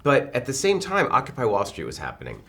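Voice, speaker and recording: A man in his forties, a film director, telling stories in a press interview and acting out the quotes. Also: mid-range voice. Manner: animated, quick storytelling with acted-out quotes.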